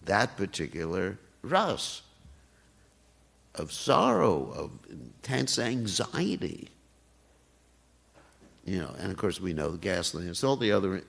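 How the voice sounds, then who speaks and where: An older man gives a morning class in a low, gravelly voice. He talks in a lively, swinging way, laughing often as he explains. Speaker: temple class speaker. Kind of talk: sermon. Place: temple hall.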